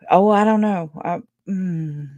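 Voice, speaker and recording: A woman's voice: lowish voice, warm tone, no room sound, dull audio. A woman hosting a call-in show, chatting casually, rambling and laughing often, trailing off mid-thought. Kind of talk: casual chat. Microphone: video call.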